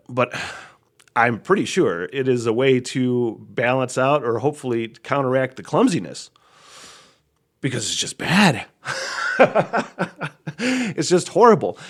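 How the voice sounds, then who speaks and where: A man talks through his own podcast in a loose, unscripted monologue that is full of swearing. He laughs often and jumps between sudden loud outbursts and low muttering. His voice sits at a mid pitch for a man. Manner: profane, rambling, laughs often, swings loud to quiet. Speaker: podcast host. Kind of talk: casual solo podcast monologue.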